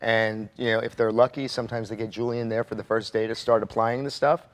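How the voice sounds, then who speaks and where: A man's voice: fairly low pitch, fairly even intonation, fairly quick. A man who is an interior designer, telling anecdotes in a chatty way on a panel. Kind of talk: panel talk, storytelling.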